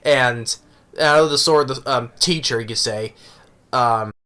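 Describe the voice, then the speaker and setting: A man's voice: medium pitch, unhurried, sharp tone. A man giving a casual, rambling review of an anime episode, often tagging on "right?".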